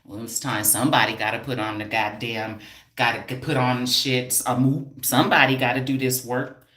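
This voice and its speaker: A woman streams live from her home, teasing and calling out to viewers in a loud, playful way. Her voice is low for a woman but bright and forceful, and the room around her rings with echo. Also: steady tone, normal speed. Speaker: hair stylist and educator. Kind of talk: casual live stream talk.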